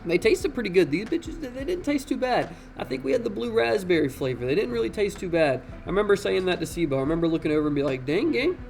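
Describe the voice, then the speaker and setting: A young man telling a casual, slangy story in an animated way, swearing freely. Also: sits high, quick pace, creaky, few pauses, faint music behind.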